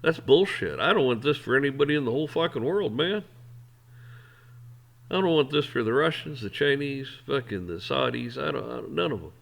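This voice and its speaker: Gravelly man ranting bluntly. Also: medium pitch, animated, fairly quick, fairly bright tone. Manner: blunt, profane, heated. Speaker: host. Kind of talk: opinion rant.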